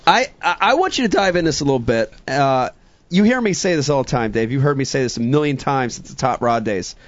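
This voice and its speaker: A man's voice: medium pitch, animated, a little fast, dry recording, dull audio. A man hosting a casual interview chat, eager and repeating words as he starts his questions. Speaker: podcast host.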